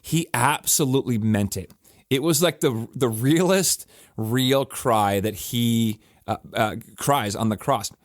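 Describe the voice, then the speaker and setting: A man of middle pitch speaks as a pastor looking back on a sermon, his talk casual and earnest. He doubles back on words to press a point home. The sound is close and dry, with no room echo. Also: unhurried. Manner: earnest and conversational, with emphatic restarts. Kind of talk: reflective podcast talk.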